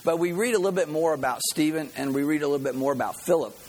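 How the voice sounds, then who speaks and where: Chatty preacher guy, kinda high voice, keeps saying right?, faint hiss. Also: very fast, a little mellow, rough recording. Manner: conversational, asks "right?" often. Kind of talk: sermon with a storytelling lesson.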